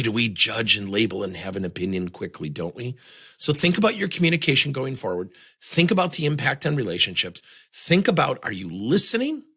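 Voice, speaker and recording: A man's voice: fairly low pitch, vocal fry, bright, forceful tone, slightly rough. A man giving a motivational talk on communication, leaning on many rhetorical questions. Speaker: speaker on communication.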